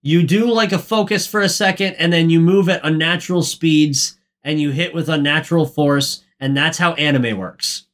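Podcast co-host, male, highish voice, bewildered, profane, voice jumps up when worked up. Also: normal speed, hardly any pauses. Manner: exasperated, profane, rising to near-shouts. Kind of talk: casual chat.

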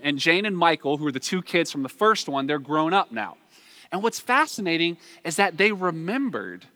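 A man's voice: a little high, pushed and bright, dry recording, clean studio sound. A man with a Southern US accent preaching a sermon in a conversational way, asking the listeners rhetorical questions.

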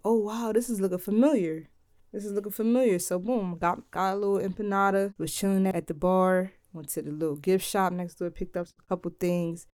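A young woman from Philadelphia casually telling a travel story in a laid-back, slangy, animated way. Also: lowish voice, no echo, studio quality.

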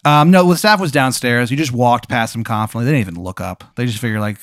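Guy gm rambling through the story, swears a lot, mid pitch, dry sound. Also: fast talker, fairly bright tone, dry recording. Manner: casual, profane, rambling. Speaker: game master. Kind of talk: narrating a tabletop game.

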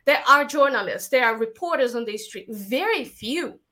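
A woman's voice: on the high side, expressive, moderate pace, bright, forceful tone. A young woman with a Latin American accent, a filmmaker talking animatedly in an interview and peppering her speech with "like" and "you know". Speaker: filmmaker guest. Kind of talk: casual interview chat.

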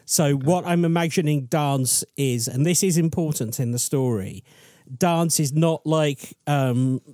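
A man's voice: fairly high pitch, a little slow, warm tone, no room sound, clean studio sound. A man co-hosting a podcast, telling a story in a chatty, rambling, self-deprecating way. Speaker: podcast co-host presenting the story. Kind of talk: casual storytelling chat.

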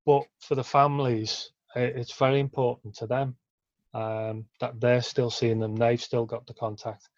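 A man's voice: medium pitch, level tone, moderate pace, darkish tone, no echo. Hesitant man, lo-fi sound. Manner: hesitant, many fillers and restarts. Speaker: care home worker. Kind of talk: casual interview.

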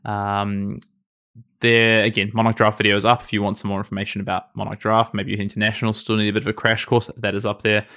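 A man's voice: lowish voice, flat delivery, quick pace, pushed and bright. A young man co-hosting a casual podcast, chatty and upbeat with lots of fillers. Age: young adult. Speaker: podcast co-host.

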